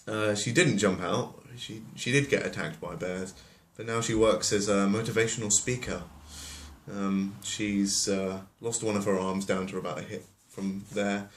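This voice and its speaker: A man's voice: fairly low pitch, steady tone, measured pace, slight background noise. A man telling a fairy tale as a comedy, rambling with offhand asides. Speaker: storyteller. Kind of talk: comic storytelling. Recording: roomy echo.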